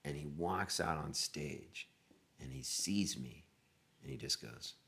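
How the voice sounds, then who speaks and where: A man telling a funny story as a guest, animated and often laughing. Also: very deep voice, takes it slowly, vocal fry. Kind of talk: casual storytelling.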